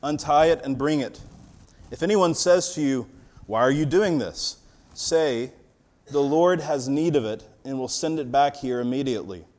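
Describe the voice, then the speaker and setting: A male pastor in his thirties reading scripture, then preaching in a relaxed storytelling way with a fatherly touch of humor. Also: medium pitch, moderate pace. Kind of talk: sermon.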